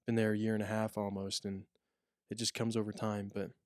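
A man's voice: fairly low pitch, little pitch movement, a little fast, darkish tone, dry recording, clean studio sound. A man who works as a prison officer, telling stories in a casual podcast chat with lots of restarts and fillers. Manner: rambling storyteller, many restarts and fillers.

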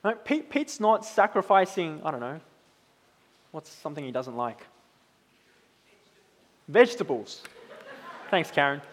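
A man in his thirties preaching a sermon in a relaxed, conversational way, often checking in with "right?". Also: on the high side, unhurried, long pauses, big-room sound. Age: 30s. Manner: conversational, tag questions like "right?".

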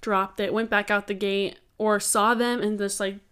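A woman's voice: medium pitch, level tone, normal speed, a bit bright, clean tone. A woman co-hosting a true-crime podcast, talking through theories in a loose, chatty way and laughing easily. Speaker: podcast co-host. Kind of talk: casual true-crime chat.

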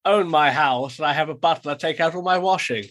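Smug posh London gent, as a man's quick impression, mocking tone. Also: fairly high pitch, a bit bright, lightly acted.

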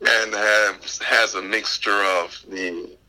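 A man from Panama with a West Indian accent, a guest in a casual interview, speaking in a measured, earnest way. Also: on the low side, fairly even intonation, bright, forceful tone, poor audio. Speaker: podcast guest.

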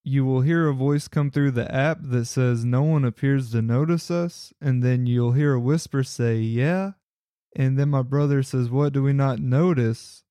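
A man talks through his paranormal recordings in an earnest, wondering way. His voice sits dark and mellow, recorded close and dry. He sounds like he is musing out loud about what he heard. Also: medium pitch, steady tone, moderate pace, few pauses, clean tone, no echo. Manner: earnest, speculative, reflective. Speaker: paranormal investigator. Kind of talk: casual narration over audio clips.

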